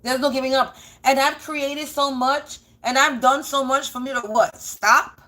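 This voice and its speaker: A woman's voice: sits high, steady tone, measured pace, bright, forceful tone. A woman doing a casual spiritual reading, blunt and profane, repeating phrases for emphasis. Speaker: spiritual energy reader.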